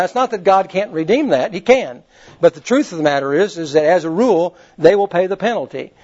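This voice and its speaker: A man leads a Bible class in a fairly high voice. He talks in a folksy, rambling way and often restarts his sentences. The recording is dull and lo-fi. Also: a little mellow. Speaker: Bible teacher. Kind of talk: conversational Bible class teaching. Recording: muffled lo-fi recording.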